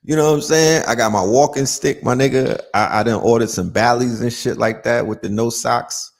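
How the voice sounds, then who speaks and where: A man's voice: mid-range voice, fairly even intonation, normal speed, vocal fry. A man hosting a casual live-stream chat, joking around and tagging lines with "you know what I'm saying". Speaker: host.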